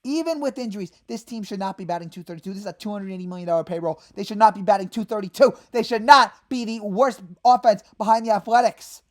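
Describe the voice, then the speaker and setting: A woman hosting a fan channel, ranting in exasperation about her team and breaking into sudden shouted outbursts. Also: medium pitch, fast, hardly any pauses. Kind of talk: angry fan rant.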